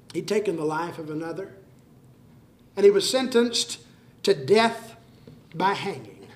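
A male preacher delivering a dramatic sermon, moving between urgent warnings and hushed storytelling. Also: sits high. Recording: roomy echoing hall.

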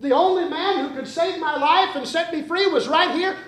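A man's voice: very high voice, normal speed, a bit bright, pitched above the performer's own voice. A preacher voicing a condemned young man who cries out in anguished disbelief and regret, heard in a roomy hall.

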